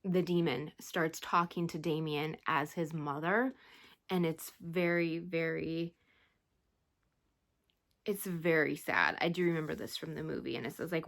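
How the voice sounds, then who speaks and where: A woman talking through a book she has just read, in a low voice and at an unhurried pace. Her retelling rambles and turns emotional, and she sighs along the way. It is the relaxed tone of a casual book review vlog. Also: vocal fry. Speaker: book vlogger.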